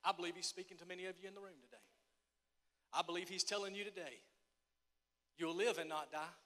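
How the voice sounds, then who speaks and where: A male pastor preaching a sermon, emphatic and repetitive, swinging from shouting to hushed tones. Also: sits high, steady tone, fast talker. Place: church sanctuary. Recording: echoey church hall.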